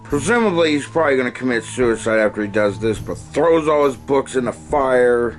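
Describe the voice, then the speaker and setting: A man's voice: medium pitch, lively intonation, moderate pace, few pauses, soft background music. A man giving a casual, sarcastic and profane film review, retelling scenes.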